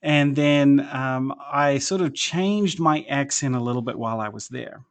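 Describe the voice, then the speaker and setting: A man from New Zealand with an accent mixed between New Zealand and American, telling his story as a guest in a relaxed podcast chat, with lots of ums and self-deprecating asides. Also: mid-range voice, measured pace. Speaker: church planter guest. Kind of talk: casual podcast interview.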